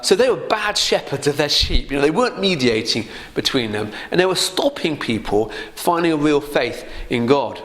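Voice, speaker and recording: A man's voice: fairly high pitch, expressive, moderate pace, few pauses, fairly bright tone. A man giving a casual Bible teaching in a conversational way, often laughing lightly and asking rhetorical questions.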